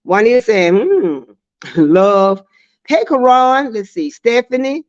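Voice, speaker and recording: A woman's voice: on the high side, expressive, takes it slowly, no room sound. A woman hosting a casual livestream, chatting and laughing often as she reads viewer comments aloud. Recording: dry, slightly dull lo-fi sound.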